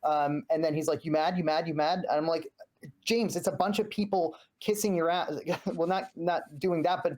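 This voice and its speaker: A man speaking as a podcast guest, telling an animated story full of acted-out quotes and frequent restarts. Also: high-pitched. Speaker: guest, former journalist. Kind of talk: heated podcast conversation.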